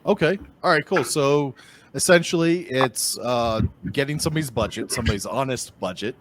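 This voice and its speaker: A man's voice: mid-range voice, normal speed, background noise. A man with a Boston accent hosting a podcast interview, upbeat and chatty, often repeating his phrases. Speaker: podcast host. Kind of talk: casual interview.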